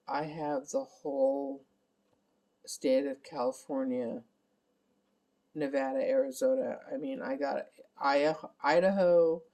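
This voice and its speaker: Weary, gravelly-voiced caregiver woman. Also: rumbling low, mellow. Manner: candid, rambling, weary. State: exhausted. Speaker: family caregiver. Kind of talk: casual vlog update.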